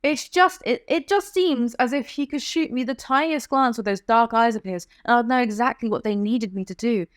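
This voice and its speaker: A young woman reviewing a novel for comedy, reading passages aloud and cutting in with sarcastic, deadpan asides. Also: on the high side, normal speed, hardly any pauses, dry recording, studio quality. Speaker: book reviewer.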